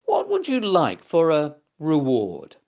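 A man's voice: on the high side, wildly swooping pitch, slow pace, muffled recording, full character voice. A man voicing a grateful, kindly male pet shop owner in a storybook reading. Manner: warm, grateful.

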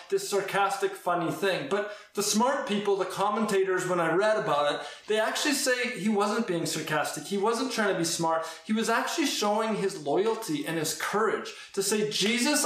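A man's voice: high voice, a bit bright. A man preaching a conversational sermon, acting out quoted exchanges as he goes. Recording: very roomy, echoey sound.

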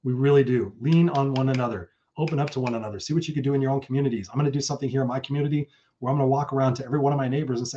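A man's voice: mid-range voice, rapid-fire, darkish tone, dull audio. A man hosting his own live stream, talking casually and effusively with some swearing, and reading out chat comments. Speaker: host.

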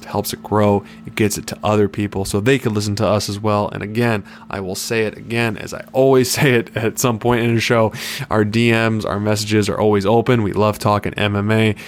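Low-voiced man talking fight picks. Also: slight background noise. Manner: confident, upbeat betting talk. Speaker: podcast co-host. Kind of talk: casual podcast chat.

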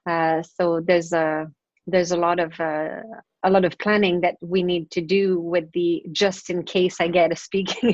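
A woman's voice: lowish voice, dry recording, dull audio. A woman guest talking casually in an interview, upbeat and chatty, with lots of "um" and "uh" fillers. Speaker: guest, confidence coach.

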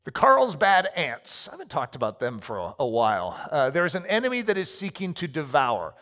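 Pastor guy preaching, lively up-and-down voice, acts out little bits, big echoey hall. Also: on the high side, moderate pace. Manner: animated storytelling with acted asides. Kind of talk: sermon. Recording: reverberant hall.

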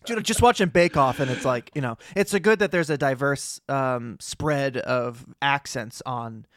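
A man's voice: mid-range voice, measured pace, fairly bright tone, dry recording. A young man co-hosting a podcast in casual chat, laid-back and full of "dude" and "like". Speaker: podcast co-host.

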